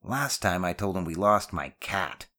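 A man voicing a cheeky, cocky boy in an audiobook, with a high and eager voice. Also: expressive, measured pace, pushed and bright, full character voice.

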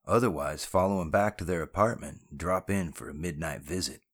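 A man voicing a tough, sardonic male criminal with a gravelly, blunt delivery. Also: sits low, brisk.

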